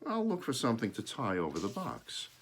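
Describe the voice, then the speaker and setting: A man reading aloud, voicing a gentle, patient mother who chuckles as she talks. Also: mid-range voice, wildly swooping pitch, brisk, slight background noise.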